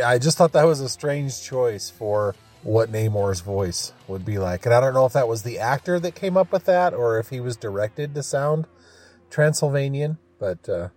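A podcast host reviews a radio adaptation in an easygoing chat, his voice medium in pitch and somewhat dark. He wanders between points, chuckles a lot, and fills gaps with many fillers.

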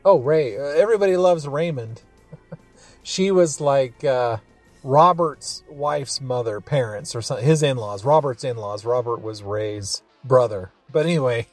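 Speaking at medium pitch and an unhurried pace, this podcast host talks over faint background music. He reviews a radio adaptation in a loose, rambling way, chuckling often and leaning on many fillers.

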